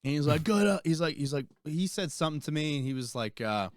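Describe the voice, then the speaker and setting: A young man, an army veteran and podcast co-host, telling a rambling, profane story in casual chat and getting animated as he retells it. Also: a little high, quick pace, dry recording, clean studio sound.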